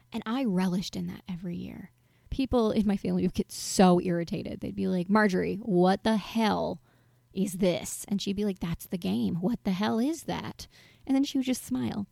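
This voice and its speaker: A woman in her late twenties tells a long personal story to her viewers in a loose, rambling way. Her voice is gravelly and mellow, and she drops into soft whispers now and then. The sound is close and dry. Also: on the low side, no echo. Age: 20s. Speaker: vlogger answering viewer questions. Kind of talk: casual storytelling monologue.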